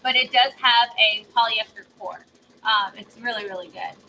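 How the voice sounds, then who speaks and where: On a rough recording with slight background noise, a woman demonstrating embroidery live speaks at normal speed in a bright, forceful, somewhat high voice. She's gushing and chatty, laughs often, and sounds a bit congested, saying she's on cold medicine.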